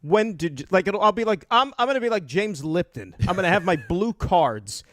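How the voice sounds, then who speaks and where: A man co-hosting sports talk radio, excitable, laughing often and riffing on a joke at length. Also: sits high, brisk, dry recording, studio quality. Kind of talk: casual sports radio banter.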